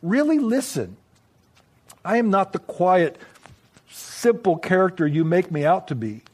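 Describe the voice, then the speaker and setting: Man playing a determined husband, firm, insistent, higher voice, storybook telling. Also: big pitch swings, unhurried, breathy edge, heavily acted. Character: firm, protective young husband on guard.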